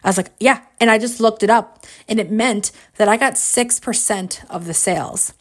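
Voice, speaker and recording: A woman in her forties hosting a podcast, telling a personal story in a casual, animated way, with frequent laughs and fillers. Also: mid-range voice, moderate pace. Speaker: podcast host.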